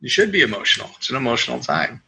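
Sharp-voiced man, animated and profane. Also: mid-range voice, rapid-fire, gravelly, rough recording. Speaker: podcast guest. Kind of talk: casual conversation.

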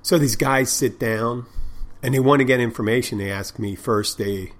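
With an ordinary medium-pitched voice at a moderate pace, a bartender who also hosts a podcast tells stories from behind the bar. His casual monologue meanders, he swears freely, and he keeps circling back to restart sentences.

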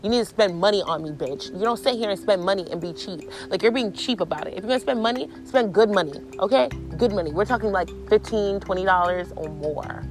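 A woman's voice: medium pitch, brisk, hardly any pauses, music in the background. A woman vlogger casually telling a story to her viewers, blunt and profane, acting out both sides of the exchanges. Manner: animated, acts out both sides of conversations.

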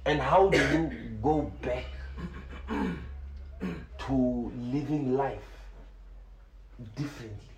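A man, a preacher telling a story in an excited way, often repeating words and laughing as he talks. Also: medium pitch, drawn-out words, pauses often, echoey room, poor audio. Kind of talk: animated storytelling.

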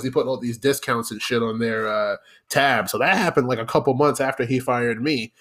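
A young man hosting, telling a profane story about his old job in a casual, animated monologue that turns into rants at the listener. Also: medium pitch. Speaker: podcast host.

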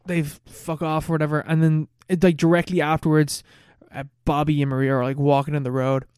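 A man's voice: fairly high pitch, level tone, a little mellow, clean tone, dry recording, clean studio sound. Rambling man recapping a film. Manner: rambling, laughing, swearing, fast storytelling. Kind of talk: casual chat recapping a film.

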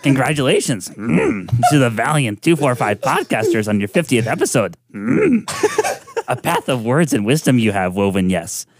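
A man's voice: mid-range voice, huge pitch swings, moderate pace, husky, heavily acted. A young man voicing a small ancient wise alien master who speaks in inverted sentences, humming between phrases.

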